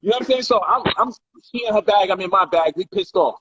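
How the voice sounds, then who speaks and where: A man casually telling a personal story on a livestream, animated and profane, loudly acting out heated quotes. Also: sits high, fast talker, slightly rough, no room sound, lo-fi sound. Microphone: phone or livestream mic.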